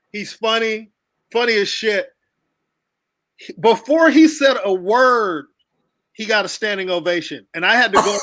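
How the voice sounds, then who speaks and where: A man from the United States hosting a casual video call chat, telling animated stories with swearing and frequent laughs. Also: extremely high pitch, dry recording, rough recording. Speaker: host.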